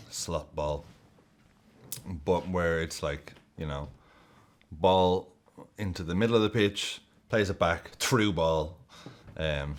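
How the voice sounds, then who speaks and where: A man hosting a football video, giving jokey, excitable and sweary casual commentary. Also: deep voice.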